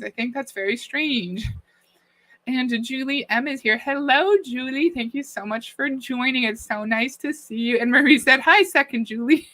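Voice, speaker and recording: A woman's voice: fairly high pitch, bright, forceful tone, no echo, rough recording. A woman hosting a casual livestream, critiquing a video and reading out viewer comments in a conversational way. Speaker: livestream host reacting to a video. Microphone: desk mic.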